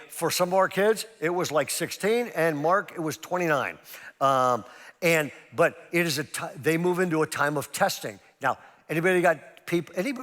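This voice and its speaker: A middle-aged pastor preaching to a seminar audience, telling stories with lively jokey asides. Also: male voice, on the high side. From California. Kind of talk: sermon at a parenting seminar. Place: large church auditorium. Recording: long reverb of a large church hall.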